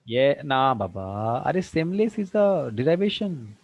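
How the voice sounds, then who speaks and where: A man's voice: medium pitch, sing-song, darkish tone. Male teacher quizzing students. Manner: asks quick questions, mixes in Hindi. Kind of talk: online tutorial quizzing students. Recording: dull lo-fi dry sound.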